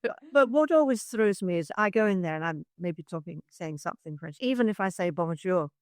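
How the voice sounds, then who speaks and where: A woman's voice: lowish voice, animated, brisk, no echo, clean studio sound. An older woman from Scotland with a Scottish accent, chatting as a podcast guest. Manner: chatty, with frequent restarts. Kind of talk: casual chat.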